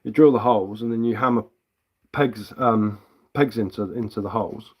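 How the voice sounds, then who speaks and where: A man's voice: lowish voice, normal speed, darkish tone, husky. A man chatting casually on a live stream as a woodcarver, easygoing and answering viewer comments.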